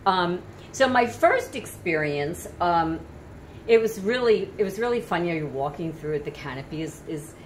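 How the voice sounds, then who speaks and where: A woman telling a travel story in a relaxed, chatty way, with lots of fillers and restarts. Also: fairly low pitch, moderate pace, slight background noise. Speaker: travel vlogger. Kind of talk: casual storytelling.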